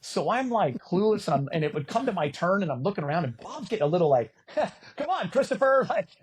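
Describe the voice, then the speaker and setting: Husky, animated middle-aged storyteller man. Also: a little high, quick pace. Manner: animated, profane, self-mocking. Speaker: podcast guest, former volleyball player and announcer. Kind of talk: casual storytelling.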